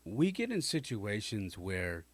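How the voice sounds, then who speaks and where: A man's voice: on the low side, huge pitch swings, a little slow, no room sound. A male podcast host casually telling a personal story in slangy, conversational talk and acting out the people he quotes.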